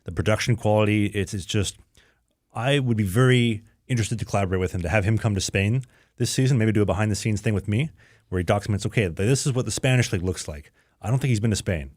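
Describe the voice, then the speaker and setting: A man's voice: fairly low pitch, a little mellow, no echo, clean studio sound. A young man hosting a podcast and chatting casually in a rambling, jokey way. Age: young adult. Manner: rambling, jokey, fast-talking. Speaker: podcast host, hockey player.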